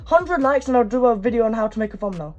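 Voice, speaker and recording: A man's voice: very high-pitched, expressive, fast talker, highs cut off, over loud music. A young man in his teens, chatting casually as he shows off his gaming setup at his desk. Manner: chatty, showing things off as he goes. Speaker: gaming YouTuber. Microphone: desk microphone.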